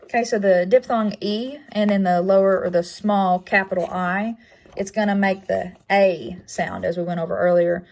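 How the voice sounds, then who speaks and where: A woman's voice: mid-range voice, steady tone, moderate pace, darkish tone. A young woman giving a class project presentation, speaking plainly with frequent ums and uhs. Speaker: student presenter.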